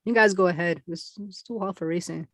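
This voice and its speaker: A woman's voice: on the low side, a little fast, no echo, clean studio sound. A woman guest in a casual group chat, jokey and self-mocking as she plays along with a scenario.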